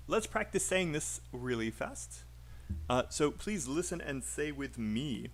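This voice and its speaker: Man, English teacher, live-stream pronunciation lesson, slightly high voice, chatty, encouraging. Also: expressive, slow. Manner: chatty, encouraging, reads chat names aloud.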